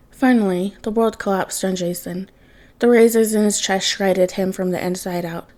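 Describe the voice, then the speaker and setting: Sex: woman. Role: podfic reader. Style: fan fiction read aloud. Tone: mellow, mid pitch.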